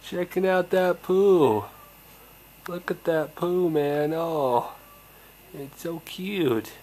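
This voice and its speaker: A man's voice: fairly high pitch, extremely slow, dark tone, poor audio. A young man, a parent, narrating a home video in cooing baby talk with little gasps.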